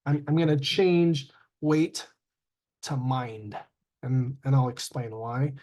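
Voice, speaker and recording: A man teaching a grammar lesson, halting with fillers and self-corrections and sounding out word endings. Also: medium pitch, fairly even intonation, dark tone. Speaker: English teacher.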